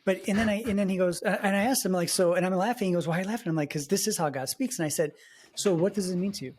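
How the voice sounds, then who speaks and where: Man, podcast co-host, casual chat, animated storytelling, acts out quotes. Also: sits high, very fast, slight background noise.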